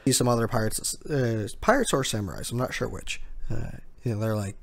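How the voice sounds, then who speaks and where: A man's voice: medium pitch, moderate pace, a little mellow. A man hosting a casual manga chapter recap, talking in a hesitant way with many fillers while he reads out quotes. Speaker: manga chapter reaction host.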